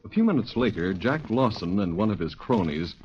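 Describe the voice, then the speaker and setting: A man narrating a 1940s radio drama in a measured, even storytelling voice. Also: lowish voice. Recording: old lo-fi radio recording.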